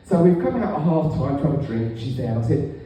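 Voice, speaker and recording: A middle-aged man doing a stand-up routine, telling stories in a deadpan way with raunchy punchlines, on a comedy club stage. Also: medium pitch, brisk. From England. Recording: echoey room, far from the mic.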